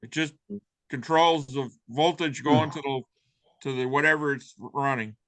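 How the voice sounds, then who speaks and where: A man's voice: medium pitch, a little slow, fairly bright tone, no echo. A man on a video call giving a practical, matter-of-fact explanation in casual chat. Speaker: meeting participant.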